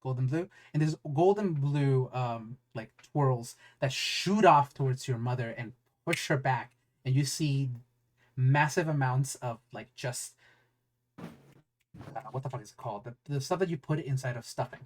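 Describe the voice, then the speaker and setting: A man's voice: medium pitch, unhurried, slight background noise. A man narrating as game master of a tabletop game, rambling and searching for words with many fillers.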